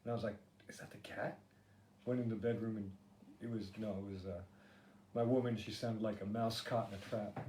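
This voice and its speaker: A man's voice: lowish voice, fairly even intonation, a little fast, mellow. A middle-aged man hosting a solo podcast, rambling with filler words, sarcastic and swearing freely. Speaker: podcast host. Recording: echoey room with faint ambient noise.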